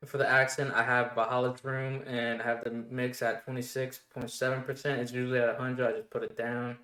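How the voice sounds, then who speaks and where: A man casually walking through his production steps one by one in a relaxed tutorial, with the odd filler word. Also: mid-range voice, a little fast. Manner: relaxed step-by-step explaining with fillers. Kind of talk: casual screen-recorded tutorial. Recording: roomy echo. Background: faint music playing.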